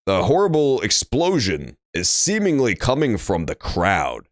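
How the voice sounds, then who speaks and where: This young man offers casual let's-play commentary on a courtroom game, rambling and making crude jokes along the way. His lowish voice swoops wildly in pitch, and he takes his time. There's no room sound, just a dry setting with faint game music.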